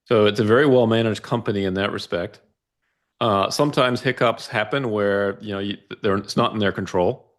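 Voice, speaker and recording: A man's voice: fairly low pitch, normal speed. A man in a casual conversation, methodically walking through financial charts and often checking in with "right?". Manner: explanatory, methodical, asks "right?" to check understanding. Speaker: investment analyst guest.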